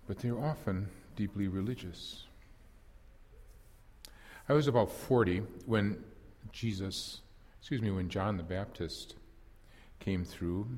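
A man giving voice to an impulsive old fisherman-apostle who looks back on his failings with earnest candor and a wry, self-mocking edge. The voice sits fairly low, and a long hall reverb trails behind every phrase in this first-person dramatic monologue. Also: measured pace, darkish tone. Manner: earnest reflective storytelling with wry self-deprecation.

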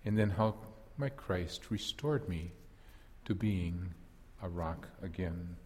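A man's voice: low-pitched, slow pace, darkish tone, husky, big-room sound, exaggerated voice. A man playing an impulsive apostle fisherman in a first-person dramatic monologue, telling his story earnestly and reflectively with wry self-deprecation.

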